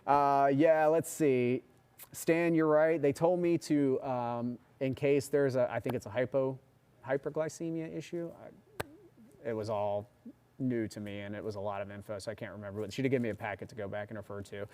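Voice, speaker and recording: A man in his forties talks casually on his own livestream, rambling through a story and then reading out viewer comments. His voice sits at an ordinary middle pitch, and the talk is loose, friendly chat. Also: fairly even intonation, a little fast, a little mellow, clean tone. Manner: chatty and rambling, reads viewer comments aloud. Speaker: meteorologist and show host.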